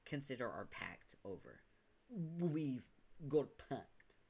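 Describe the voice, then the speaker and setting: A man's voice: mid-range voice, big pitch swings, slow pace, gravelly, darkish tone, slightly rough, heavily acted. A man doing a foul-mouthed, hot-tempered troll boy. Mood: furious. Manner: angry, insulting rants. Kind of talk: dramatic reading of a webcomic.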